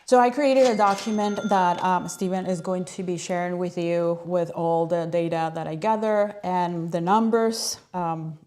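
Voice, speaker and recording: A woman hosting a live stream, talking in an energetic, chatty way with plenty of fillers. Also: on the low side. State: out of breath. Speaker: host.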